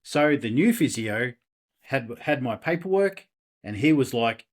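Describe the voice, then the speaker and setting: Middle-aged man, candid interview guest, rambling storyteller, even middle pitch. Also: measured pace. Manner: candid, rambling, with many restarts and acted quotes. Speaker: podcast guest.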